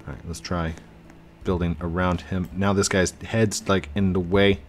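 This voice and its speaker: Low-voiced man chatting over a game. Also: flat delivery, normal speed, faint music behind. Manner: chatty, laughs often, goofy pleading bursts. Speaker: gaming YouTuber. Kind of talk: casual gameplay commentary.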